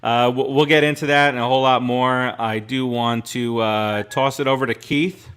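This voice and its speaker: A man's voice: mid-range voice, steady tone, moderate pace, fairly bright tone, clear, resonant tone. A man hosting a casual talk show, speaking in an easygoing, teasing way with frequent stammered restarts. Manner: laid-back, teasing banter with stammered restarts. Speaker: podcast host. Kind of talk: casual chat.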